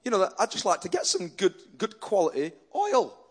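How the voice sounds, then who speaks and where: Earnest high-voiced male pastor preaching. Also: wildly swooping pitch, moderate pace, slightly rough. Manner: earnest, emphatic preaching with many restarts. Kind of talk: sermon.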